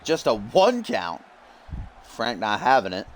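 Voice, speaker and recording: A man doing jokey play-by-play commentary over a wrestling video game, bursting into yells at big moves. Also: lowish voice, slow pace, slight background noise. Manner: jokey, yells in sudden excitement.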